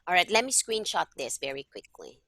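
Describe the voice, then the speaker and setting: Language tutor, woman: bright, forceful voice with a low-ish pitch, patient explainer on a video call. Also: big pitch swings, fairly quick, dry recording. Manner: patient, checks understanding often. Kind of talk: one-on-one online tutoring.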